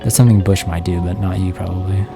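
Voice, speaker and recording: A man's voice: sits low, fairly even intonation, fast talker, creaky, mellow, soft background music. A tired man streaming a horror game, rambling and self-mocking as he talks to his chat while keeping his voice down late at night. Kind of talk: casual live-stream commentary.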